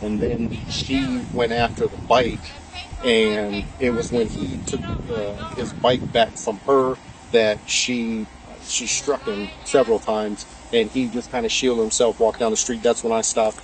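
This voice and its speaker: A man gives police a witness account in a halting way, full of fillers. His voice is very flat. The street audio is noisy. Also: mid-range voice.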